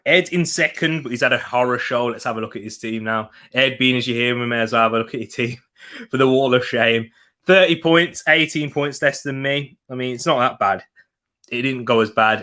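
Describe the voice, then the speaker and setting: Young man, bright voice, chatty stream host, talking with food in his mouth. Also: mid-range voice. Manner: chatty, laughs often, talks while eating. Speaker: football watch-along host. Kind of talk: casual live-stream chat reading comments.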